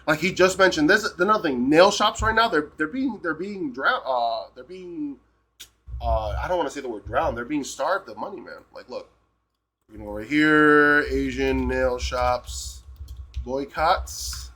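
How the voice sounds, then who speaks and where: Male live streamer, heated rant, profane, keeps asking "right?", slightly high voice. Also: animated, unhurried, bright, forceful tone. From United States.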